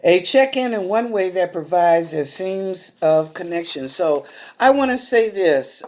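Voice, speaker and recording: A woman's voice: lowish voice, expressive, unhurried, a little mellow. A middle-aged woman hosting a psychic talk show, speaking in a folksy, emotional way that calls the viewers y'all, and choked up and close to tears. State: tearful, choked up.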